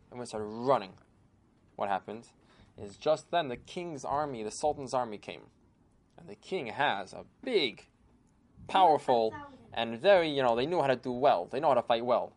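A man telling a folk tale aloud in an animated manner, with sudden emphatic bursts. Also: mid-range voice. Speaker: storyteller. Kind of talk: oral storytelling.

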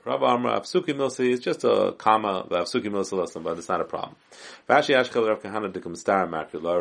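Low-voiced man teaching a Talmud page. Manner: reads Aramaic text then explains in English; halting, with frequent restarts. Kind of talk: Talmud lesson, translating and explaining.

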